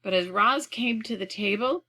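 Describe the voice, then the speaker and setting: A woman reading a children's storybook aloud, clearly and expressively. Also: medium pitch, moderate pace, pushed and bright, rough recording. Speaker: audiobook reader.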